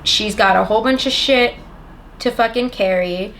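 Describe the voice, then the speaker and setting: A woman's voice: mid-range voice, normal speed, fairly bright tone, a little hiss or hum. A young woman recapping a movie in a rambling, sarcastic comedy style, swearing constantly. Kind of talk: profane comedic plot recap.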